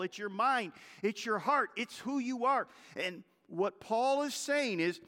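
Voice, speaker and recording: A male pastor delivering a sermon, swinging from loud exhortation to hushed intensity. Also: extremely high pitch. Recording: long hall reverb.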